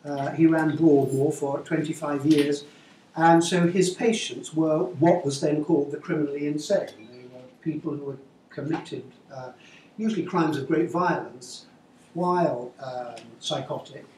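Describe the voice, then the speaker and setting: Guy reading his book, measured, wry, far off the mic, faint hum behind. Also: a little high, steady tone, a little mellow. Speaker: author reading his novel. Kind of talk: reading aloud then answering an interview. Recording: echoey room, far-off mic, faint ambience.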